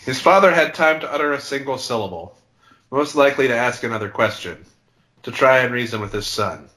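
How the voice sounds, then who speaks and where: A man's voice: mid-range voice, brisk, sharp tone, low-quality recording. A man co-hosting a comedy podcast, reading aloud and joking with goofy, hesitant remarks. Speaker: podcast co-host.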